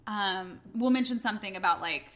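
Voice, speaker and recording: A woman's voice: mid-range voice, brisk, a bit bright. A woman co-hosting a podcast in casual chat, rambling and laughing often, with the odd casual swear. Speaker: podcast co-host.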